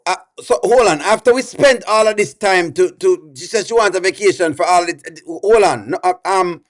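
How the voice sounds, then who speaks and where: A man's voice: sits high, normal speed, few pauses. A man reacting on a live stream, exasperated and pleading with his chat, repeating himself over and over.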